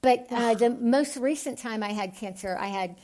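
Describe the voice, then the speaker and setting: A woman from the United States, a podcast guest, speaking with a lisp and an unusual voice altered by tongue surgery, earnest and animated. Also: on the high side, moderate pace. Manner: earnest, animated, gets excited. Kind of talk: podcast interview.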